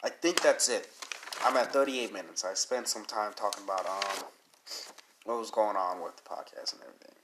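A man's voice: on the low side, normal speed, background noise. A man hosting his own podcast while sick with a cold, talking casually in a rambling, earnest and encouraging way with many fillers. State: sick with a cold, needs to blow his nose. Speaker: podcast host. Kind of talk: casual solo podcast talk.

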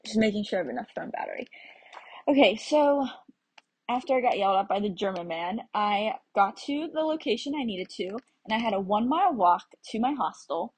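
A young American woman talks casually to the camera about her trip, chatty and quick to laugh as she tells her stories. Her voice is husky and a little breathy, sitting at an ordinary middle pitch. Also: expressive, darkish tone, low-quality recording. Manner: chatty, laughs often while telling stories. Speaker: travel vlogger. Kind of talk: casual chat.

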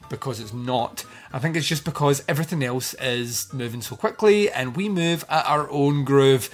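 A man's voice: mid-range voice, a bit bright. A man hosting a film podcast, talking in a chatty, jokey, rambling way. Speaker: podcast host. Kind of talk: casual film podcast chat.

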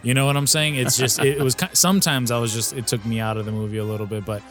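A man on a podcast talks about a film in a loose, rambling way, circling back and restarting his sentences. His voice sits at an ordinary pitch, and faint music plays underneath. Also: fairly even intonation, rapid-fire, a bit bright. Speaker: podcast co-host. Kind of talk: casual movie discussion.

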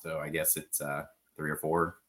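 A laid-back man in his forties who laughs easily, speaking over a remote call. His voice is very deep, with a bright, forceful edge. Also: monotone, normal speed. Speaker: guest team manager. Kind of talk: casual chat.

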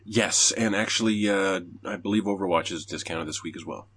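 A man's voice: sits low, fairly quick. A man hosting a casual gaming podcast, reading headlines and ranting with swearing and restarts. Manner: swearing, rambling, animated rants. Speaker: podcast host.

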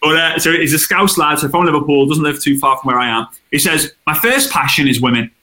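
A man, a guest in an interview, chatting casually and telling animated stories with acted-out quotes. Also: on the high side, fast talker, a crowd in the background. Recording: roomy echo.

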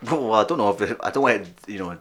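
A man's voice: on the low side, expressive, fast talker, a bit bright. A man co-hosting a podcast in crude, rambling, laughing casual chat. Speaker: podcast co-host.

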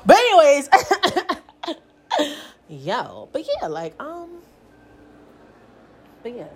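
A woman's voice: high voice, wildly swooping pitch, extremely slow, a little hiss or hum. A woman hosting her own podcast at home, talking candidly and profanely about a falling-out with a friend, rambling with lots of fillers. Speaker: podcast host. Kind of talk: casual solo podcast monologue. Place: at home by a window.

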